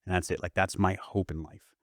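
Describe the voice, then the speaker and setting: A man's voice: low voice, a little fast, dry recording, studio quality. A middle-aged man hosting a podcast, talking in an earnest, reflective casual chat about hope and faith. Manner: earnest, reflective, quotes others in lively retellings. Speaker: podcast host.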